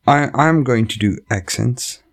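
A man's voice: medium pitch, unhurried. A comedian hosting a show, chatting casually and reading online stories aloud into a microphone. He rambles, swears and keeps cutting himself off. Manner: rambling, profane, self-interrupting. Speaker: comedian and podcast host.

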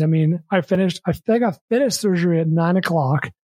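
An American man, a podcast host, telling a long story in casual chat, rambling and repeating words, acting out quick quotes. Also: high voice, a little mellow, dry recording.

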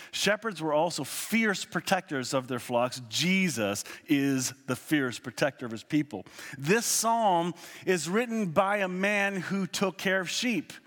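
A man giving a sermon, earnest and reading scripture slowly, with quick asides full of fillers. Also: a little high, fairly bright tone. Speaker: pastor. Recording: long hall reverb.

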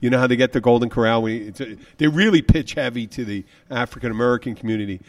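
A man's voice: medium pitch, fast. A man chatting casually, rambling as he riffs on a comic idea. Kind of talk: casual joking chat.

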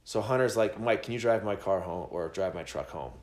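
Low-voiced man telling a profane story. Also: a little fast, echoey room. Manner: rambling, swearing, animated quoting of friends. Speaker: podcast host telling a story.

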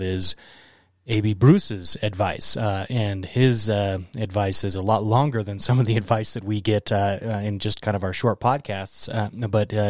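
A man co-hosting a podcast in casual chat, talking haltingly with many filler sounds. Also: on the low side, no room sound, studio quality. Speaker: podcast co-host.

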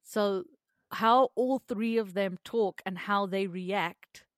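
A woman's voice: medium pitch, slow pace, no room sound, clean studio sound. A young woman and mother co-hosting a podcast in casual chat, reacting readily, laughing easily and swearing casually. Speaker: podcast co-host.

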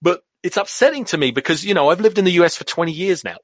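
English man, middle-aged, lively pitch, rambling, swearing, queasy, dead-dry recording. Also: fast, no room sound. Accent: English, drifted toward American. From England. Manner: sweary, rambling, self-mocking. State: nauseous, queasy. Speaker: podcast host. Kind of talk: solo podcast rant.

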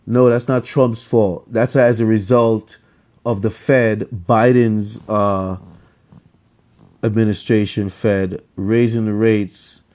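A lowish-voiced man talking alone on his podcast. He rants and swears freely, shifting from calm explaining into heated scolding of his listeners. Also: slow. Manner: profane, ranting, swings from calm to heated. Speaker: podcast host. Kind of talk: solo podcast monologue.

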